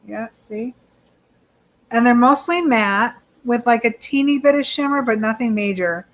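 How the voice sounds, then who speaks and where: A woman's voice: fairly high pitch, unhurried. A woman co-hosting a casual beauty review, chatty, laughing often and swearing freely. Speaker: beauty channel co-host. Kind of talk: casual chat product review.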